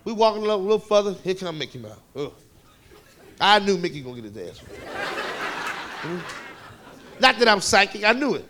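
A man doing stand-up, telling a profane story loudly and acting out the voices of the people in it. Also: high-pitched, a little fast, pauses often, a little hiss or hum. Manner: loud animated storytelling, profane, acts out voices. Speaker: stand-up comedian. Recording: live club recording with crowd laughter. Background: audience laughing.

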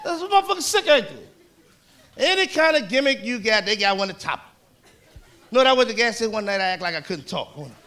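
A male stand-up comedian telling a crude, brash story in a profane, animated style. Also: very high voice, quick pace, pauses often, a faint crowd. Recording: live club with audience laughter and noise.

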